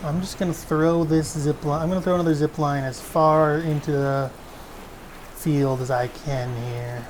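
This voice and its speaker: A woman's voice: deep voice, fairly even intonation, normal speed, noisy background. A woman playing a video game and talking casually, goofing around and breaking into improvised silly songs. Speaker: let's play gamer. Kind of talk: casual gameplay commentary.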